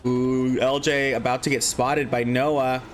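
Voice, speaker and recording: A man at home casts an online game tournament in a relaxed, conversational voice of middle pitch. He reads out kills and standings, then drifts into casual, profane asides. Faint music plays underneath. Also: measured pace. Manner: casual, swearing, chatty asides between play calls. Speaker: esports caster. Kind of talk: live game commentary. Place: home desk.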